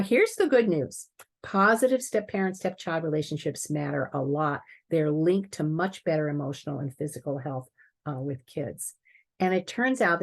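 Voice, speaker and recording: Woman presenter, gravelly and husky, earnest and explanatory, prepared talk. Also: deep voice, darkish tone. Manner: earnest, explanatory, occasional throat clearing.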